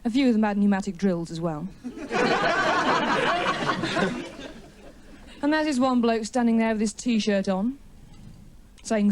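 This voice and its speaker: A woman's voice: fairly high pitch, animated, a little slow, long pauses, very noisy. A woman doing a wry, chatty stand-up comedy routine in a TV studio, with an audience laughing.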